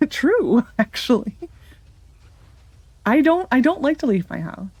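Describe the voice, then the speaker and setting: A woman's voice: high-pitched, sing-song, slow pace, darkish tone, slightly rough, no echo. Chatty woman narrating her gameplay. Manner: chatty, thinking aloud while playing. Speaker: gaming channel host. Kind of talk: casual let's-play commentary.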